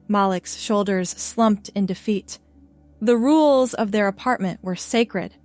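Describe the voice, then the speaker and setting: A woman reading a scripted story in an even, measured way. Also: medium pitch, soft background music. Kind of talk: scripted narration.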